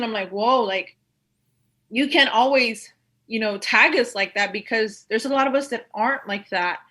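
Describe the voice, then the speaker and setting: A woman's voice: on the high side, sharp tone. A woman guest on a podcast, chatting casually and filling her speech with "like" and "you know.". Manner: chatty, full of "like" fillers. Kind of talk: casual conversation.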